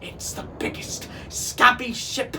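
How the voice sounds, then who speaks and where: A man's voice: slow, sharp tone, slight background noise. A man voicing a panicky male pirate parrot that screeches its warnings in frantic cries. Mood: squawking alarm. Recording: voice from some distance off.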